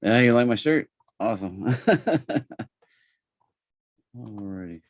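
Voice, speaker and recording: A man's voice: on the low side, slow, dry recording, clean studio sound. Chatty Southern man hosting a webinar. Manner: relaxed, chatty, with frequent fillers. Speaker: trading webinar host. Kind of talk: casual live webinar presentation.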